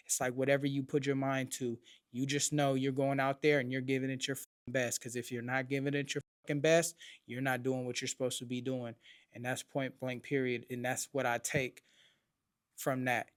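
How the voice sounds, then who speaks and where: A man hosting a podcast, telling a personal story in blunt, profane street slang, his voice rising in pitch and volume when he acts out remembered moments. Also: little pitch movement, moderate pace, clean tone, no room sound, studio quality. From Oakland, California. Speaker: podcast host.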